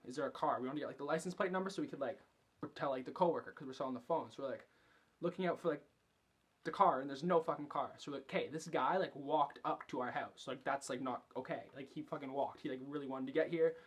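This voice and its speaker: A man's voice: mid-range voice, fast, slightly rough. A young man vlogging, telling a story casually and chattily, swearing a lot and filling every sentence with fillers. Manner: chatty, profane, filler-heavy.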